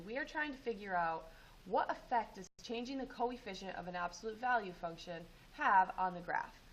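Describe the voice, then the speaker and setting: A woman teaching math, going over homework and walking students through steps in a relaxed way with frequent ums. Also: medium pitch, low-quality recording. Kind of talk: homework review and lesson.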